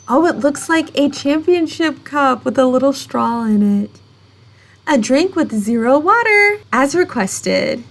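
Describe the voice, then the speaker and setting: A woman narrating a cozy game in casual let's-play style, with playful asides and mouth sound effects. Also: high voice. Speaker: gameplay podcaster.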